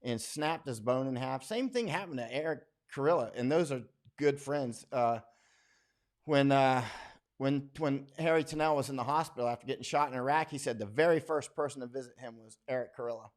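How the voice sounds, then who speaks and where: A man hosts a casual livestream, reading viewer comments and drifting into stories. His talk is folksy and blunt, full of asides and restarts, at a middling pitch. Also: brisk. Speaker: war correspondent and livestream host.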